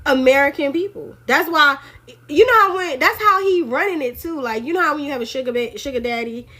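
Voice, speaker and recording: A woman's voice: high-pitched, fairly quick. A woman hosting a casual political commentary, talking loosely and acting out quotes in put-on voices. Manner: animated, acts out quotes in put-on voices, laughs often. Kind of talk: casual opinion monologue.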